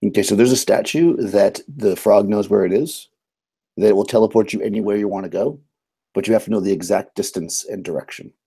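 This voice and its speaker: Game master type: low-pitched man, mellow and a bit breathy, casual storyteller. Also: fairly quick. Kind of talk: narrating a tabletop game.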